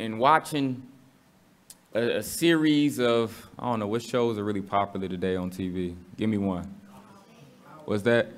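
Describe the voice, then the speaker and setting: A man's voice: medium pitch, a bit bright. Man, Bible study teacher, casual slangy speech, questions to the room, conversational. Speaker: congregation teacher.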